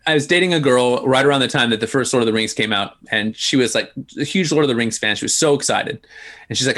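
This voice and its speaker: A man hosting a podcast, telling stories in an animated, laughing way with lots of restarts. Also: mid-range voice, quick pace. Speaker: podcast host. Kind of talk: casual storytelling chat.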